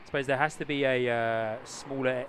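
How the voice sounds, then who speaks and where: A man's voice: medium pitch, steady tone, normal speed, a bit bright, a little hiss or hum. A man with a New Zealand accent hosting a casual live plane-spotting stream outdoors, chatting and greeting viewers. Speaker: livestream host, plane spotter. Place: outdoors near an airport.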